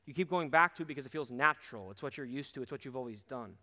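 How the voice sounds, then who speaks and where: A young man preaching a sermon to a campus ministry, earnest and emphatic, dropping low and quiet on his key points. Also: lively intonation, fast talker. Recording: long hall reverb.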